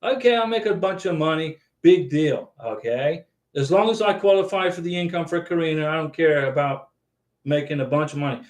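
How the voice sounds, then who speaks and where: A man's voice: fairly high pitch, brisk, roomy sound. A man in his sixties hosting an immigration advice live stream, talking in an earnest, folksy way and often tagging his lines with "okay". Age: 60s. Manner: earnest, repetitive, folksy, tags lines with 'okay'. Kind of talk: casual live-stream chat.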